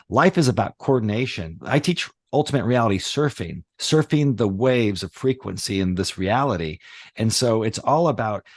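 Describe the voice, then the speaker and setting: A middle-aged man with a low-pitched voice hosts a casual podcast chat. He rambles in an animated way, full of fillers and restarts. The sound is dry and close, with no room around it. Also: no echo. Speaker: podcast host, reality surfing teacher.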